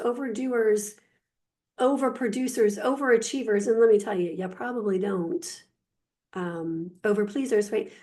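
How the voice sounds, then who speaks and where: A woman coach talking casually about softness and emotions, lively and emphatic, full of filler words and rhetorical questions. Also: on the high side. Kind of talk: casual spiritual coaching talk.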